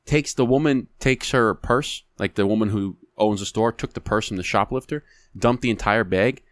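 A man co-hosting a podcast in casual chat, talking in a blunt, animated, profane way. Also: on the low side, normal speed, no room sound. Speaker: podcast co-host.

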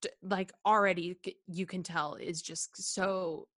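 A woman's voice: fairly low pitch, steady tone, unhurried, fairly bright tone. A woman co-hosting a podcast, talking through a film scene in casual, heartfelt chat with lots of ums and restarts. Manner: hesitant, many ums and restarts, laughs often; earnest and heartfelt. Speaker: podcast co-host.

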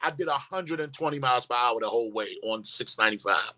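A man's voice: mid-range voice, expressive, fast, bright, forceful tone. A man telling an emphatic, profane story as a guest in a casual interview.

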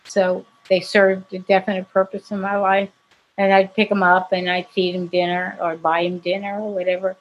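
A woman's voice: mid-range voice, completely flat delivery, moderate pace, lo-fi sound. A woman, an actress, casually telling anecdotes in an interview, chatty and laughing often. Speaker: actress guest.

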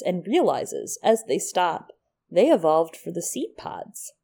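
Woman, podcast co-host, lowish pitch, casual chat, playful asides. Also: big pitch swings, unhurried, creaky, warm tone, breathy edge. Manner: chatty, recaps the plot with playful asides. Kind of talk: casual book-discussion podcast.

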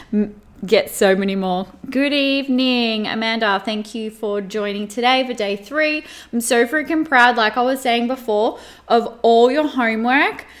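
A woman, hosting a live podcast stream and gushing excitedly to her viewers, full of fillers and exclamations. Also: fairly high pitch, unhurried. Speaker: podcast host and mindset coach. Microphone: camera mics on a live stream.

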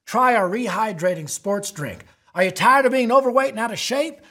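Guy doing a southern tv ad pitchman, brash hard sell, highish raspy voice. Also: moderate pace, bright, forceful tone. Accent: American Southern. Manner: brash sales-pitch delivery. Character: loud male Southern TV ad pitchman.

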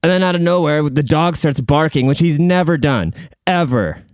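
A man's voice: fairly high pitch, lively intonation, moderate pace, no room sound, studio quality. A man hosting a casual solo podcast from a room at home, rambling bluntly and swearing freely. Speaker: podcast host.

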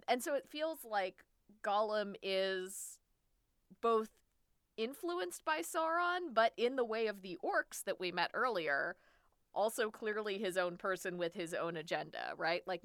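A woman in a casual book discussion who argues her reading in a quick, analytical way. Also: mid-range voice, expressive, a bit bright, clear, resonant tone, dry recording, clean studio sound. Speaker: book club member. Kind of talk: casual chat.

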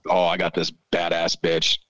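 A man in his forties, a podcast guest telling stories in casual chat, swearing freely and animated. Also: deep voice, normal speed, dry recording. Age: 40s. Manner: profane, animated storyteller.

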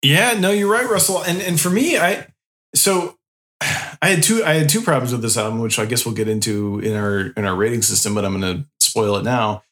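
A man co-hosting an album review podcast, talking in a relaxed, rambling way. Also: medium pitch, a little fast. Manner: relaxed, rambling, lots of fillers. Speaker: podcast co-host. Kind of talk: casual chat reviewing an album.

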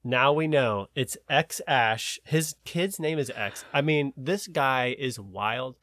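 A man's voice: medium pitch, takes it slowly, fairly bright tone, no room sound. A man co-hosting a podcast, rambling and searching for words in casual chat. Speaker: podcast co-host.

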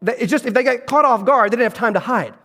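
A man preaching a sermon as pastor, earnest and emphatic, slowing down to stress key phrases. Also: extremely high pitch, sharp tone, big-room sound. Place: church sanctuary on a stage.

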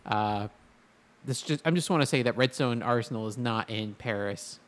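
A man co-hosting a casual podcast, rambling through a movie review with frequent laughs and restarts. His voice sits at a middle pitch, and he talks in a loose, offhand way. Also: moderate pace. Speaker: podcast co-host.

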